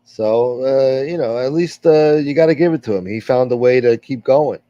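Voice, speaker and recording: A man's voice: medium pitch, moderate pace, warm tone, no room sound, muffled recording. Crude joking male streamer. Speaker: livestream host. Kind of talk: casual chat reading viewer comments.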